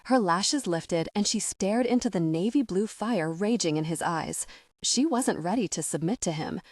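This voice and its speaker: A woman narrating a romance audiobook in a steady, even read. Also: medium pitch, moderate pace, no echo.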